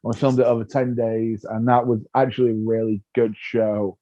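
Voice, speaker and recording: A man chats through an interview, telling comic stories with put-on voices and quick jumps up in pitch. His voice is mellow and dark. The recording sounds dull and lo-fi. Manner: animated storyteller, acts out voices, laughs often. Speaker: comedian guest. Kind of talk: casual interview chat.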